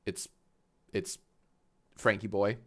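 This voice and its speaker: A man with a lowish voice streams live while reacting to a clip, very animated as he rambles haltingly and breaks into sudden bursts of swearing.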